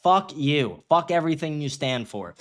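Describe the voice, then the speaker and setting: A man's voice: fairly high pitch, lively intonation, moderate pace, a bit bright. Profane, ranting young male streamer. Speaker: host. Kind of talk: livestream commentary reading chat.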